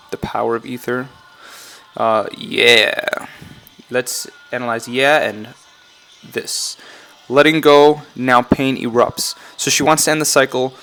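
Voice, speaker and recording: A YouTuber with a mid-range, sharp-toned voice casually goes through game song lyrics line by line in a vlog, over slight background noise. He rambles, corrects himself, and often says he's not sure.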